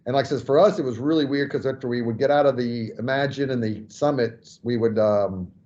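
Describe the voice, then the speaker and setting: Man, podcast host, rambling casual talk, mid-pitched voice, dull lo-fi recording. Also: fairly quick, a little mellow. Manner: rambling, conversational with fillers. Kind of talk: casual interview. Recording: dull lo-fi audio.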